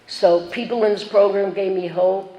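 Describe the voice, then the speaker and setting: A woman gives a personal share at a recovery meeting, her dark, medium-pitched voice holding fairly even intonation at normal speed. She's chatty and pokes fun at herself as she tells her story. The recording is muffled, and the hall is echoey with faint background noise.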